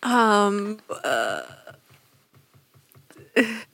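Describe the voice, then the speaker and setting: Slow, breathy, hesitant woman. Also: mid-range voice, very animated, fairly bright tone, dry recording. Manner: hesitant, unsure. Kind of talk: casual podcast chat.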